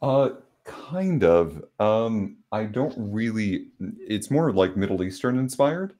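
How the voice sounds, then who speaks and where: A man from South Carolina hosting a podcast, chatting casually and telling stories at an unhurried pace with many filler pauses. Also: on the low side, sing-song, mellow. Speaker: podcast host. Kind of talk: casual conversation.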